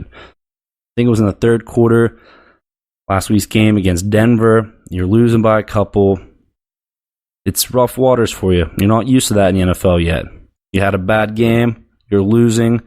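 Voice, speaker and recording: A man's voice: fairly low pitch, darkish tone. A man hosting a sports show, delivering a blunt, profane, heated rant about football. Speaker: sports podcast host.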